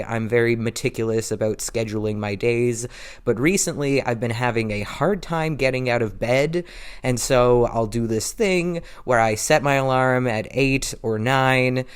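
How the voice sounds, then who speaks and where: A man's voice: mid-range voice, smooth. A man rambling in a casual home vlog, self-deprecating and repeating himself, a little out of breath, recorded on a camera's built-in mic. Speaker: vlogger. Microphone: built-in camera mic, low angle.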